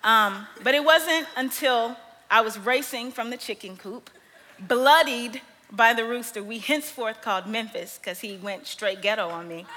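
A young woman preaching a sermon, telling stories with animated energy and frequent laughter. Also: on the high side. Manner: animated storytelling, laughs often. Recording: long reverb of a large hall.

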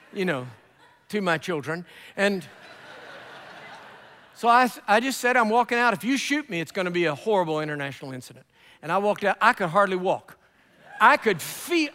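Male preacher, high bright voice, animated storyteller, big echoey hall. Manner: animated storyteller acting out dialogue. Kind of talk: sermon storytelling.

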